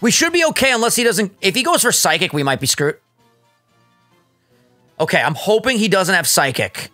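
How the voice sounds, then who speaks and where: Young male gamer co-host, slightly high, teasing and excitable, close dry mic. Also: moderate pace, dry recording, faint music behind. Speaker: let's play co-host. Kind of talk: casual gaming banter.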